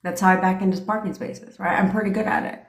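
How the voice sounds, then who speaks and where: A woman's voice: mid-range voice, fairly even intonation, quick pace. A woman in her forties, a manifestation coach, telling a story on a livestream in a blunt, profane way, laughing often. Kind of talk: casual storytelling rant on a livestream. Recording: roomy echo.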